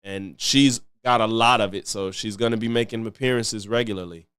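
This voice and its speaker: A man's voice: lowish voice, steady tone, a little fast, a bit bright, clear, resonant tone. A man commenting casually on a live stream, loose and chatty, repeating himself and thanking viewers. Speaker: streamer reacting to clips.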